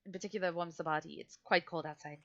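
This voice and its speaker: A polite young adventurer, as a woman puts her on, talks with bright, tense clarity and a touch of awkwardness. The sound is muffled and lo-fi. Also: lowish voice, steady tone, fast talker. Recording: dull lo-fi audio.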